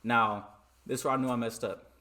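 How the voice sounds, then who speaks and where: A man from Michigan telling a story in a casual vlog, animated and dramatic, often repeating "you know what I'm saying.". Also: medium pitch, brisk. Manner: dramatic re-enacting of dialogue.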